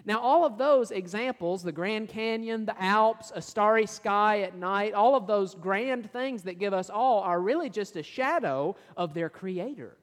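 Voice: mid-range voice, animated, measured pace, few pauses, big-room sound. A preacher giving a sermon, asking the listeners questions and reading and explaining scripture verses. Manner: asks the listeners rhetorical questions.

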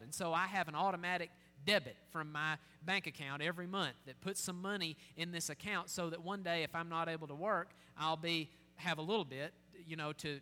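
A man's voice: a little high, bright, forceful tone. A man preaching a sermon, earnest, with many rhetorical questions. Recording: long hall reverb, faint hum.

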